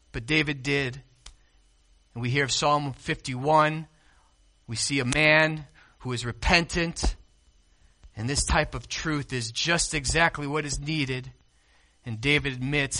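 A man preaching a sermon as pastor. He swings between hushed, quiet stretches and loud, emphatic peaks, and puts questions to the congregation. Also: mid-range voice.

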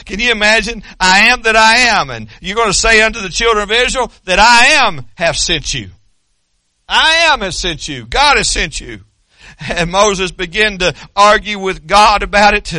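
Male preacher, high bright voice, folksy and fervent, dry close mic. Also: no room sound. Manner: folksy, rising to shouted fervor. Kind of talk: sermon.

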